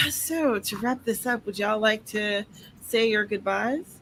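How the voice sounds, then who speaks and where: A woman's voice: medium pitch, a little slow, a bit bright, slight background noise. A woman hosting a casual livestream for writers, chatting, reading out updates and laughing often. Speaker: host, author. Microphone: video call.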